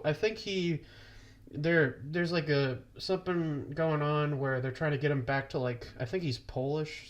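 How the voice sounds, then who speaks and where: A man co-hosting a podcast in casual chat, rambling with halting restarts and laughing between phrases. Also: mid-range voice. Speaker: podcast co-host.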